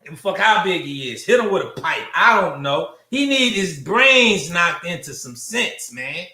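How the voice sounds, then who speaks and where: Male host, fiery preachy monologue, high lively voice, roomy echo. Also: measured pace. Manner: preachy, profane, rhetorical questions and repetition. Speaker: show host.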